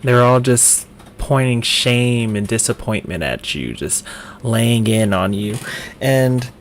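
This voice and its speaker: A man running a tabletop game as dungeon master, narrating in a halting way with frequent ums. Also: medium pitch, expressive, a little hiss or hum.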